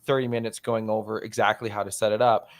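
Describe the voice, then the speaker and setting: A man's voice: lowish voice, level tone. A man hosting a podcast, chatting casually with a guest, joking and blunt, with some swearing. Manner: joking, fast, blunt and profane. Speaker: podcast host. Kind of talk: casual interview talk.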